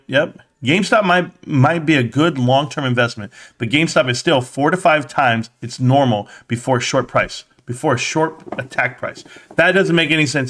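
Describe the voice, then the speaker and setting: A man in his thirties runs a casual stock market livestream, reading chat aloud bluntly and mockingly while swearing and laughing a lot. His voice is fairly high and a bit bright, and he sounds a little tired, yawning at times.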